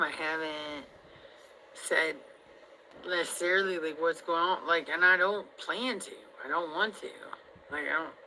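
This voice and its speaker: Woman vlogger, rambling profane rant to camera, very bright cutting tone, jumps between yelling and muttering. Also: fairly low pitch, a little hiss or hum, rough recording. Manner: rambling, heavily profane, swings between loud outbursts and mutters. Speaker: vlogger addressing viewers. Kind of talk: casual venting monologue.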